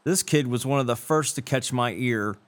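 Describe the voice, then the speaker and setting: A man's voice: mid-range voice, normal speed. A man hosting a show, reading a scripted introduction in a dry, sarcastic way. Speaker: show host.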